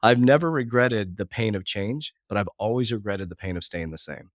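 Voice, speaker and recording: A man in his forties talking quickly and with feeling in a podcast conversation, often speaking of faith and family. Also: lowish voice, animated, no room sound, studio quality. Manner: fast, heartfelt, religious. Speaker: business coach, guest.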